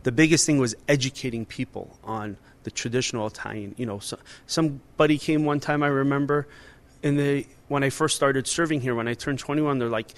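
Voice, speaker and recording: A man's voice: mid-range voice, a little fast. A man in his forties, a restaurant owner and chef, talking casually and animatedly in an interview, with many fillers and restarts.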